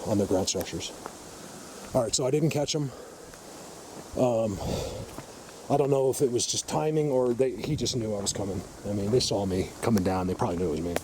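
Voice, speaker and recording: With a lowish voice, brisk pace, and frequent pauses, a Bigfoot researcher addresses viewers emphatically during a walk-and-talk forest vlog. The camera mic captures noisy outdoor ambience with a faint vehicle.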